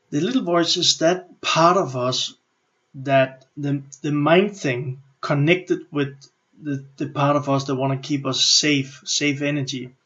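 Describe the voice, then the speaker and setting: A middle-aged man with a Danish accent, speaking English as a second language, gives a motivational coaching talk in a fairly high voice. He is animated and breaks off mid-sentence to restart. The audio sounds slightly muffled and lo-fi. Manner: animated, acts out inner thoughts, halting restarts. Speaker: business and personal development coach.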